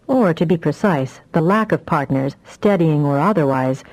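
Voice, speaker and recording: A woman narrating a fantasy audiobook in a measured, even storytelling manner. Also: sits low, rough recording.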